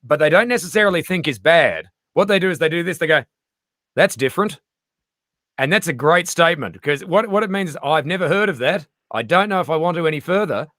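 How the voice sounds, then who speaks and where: A middle-aged Australian man, a comedian guest in casual chat, animated and swearing freely as he acts out little voices. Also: fairly high pitch, fast, hardly any pauses, no echo, clean studio sound.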